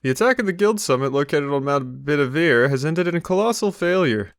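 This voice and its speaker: A man's voice: on the high side, animated, a little fast, dry recording, clean studio sound. A man voicing a dutiful soldier messenger in his normal voice, formal in tone. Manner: formal, reporting.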